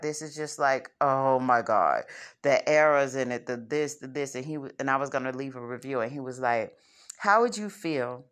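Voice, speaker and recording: Blunt, profane woman podcaster, low voice. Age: adult with kids. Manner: blunt, profane, animated storytelling with quoted asides. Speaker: podcast host and self-published author. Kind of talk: casual solo podcast monologue.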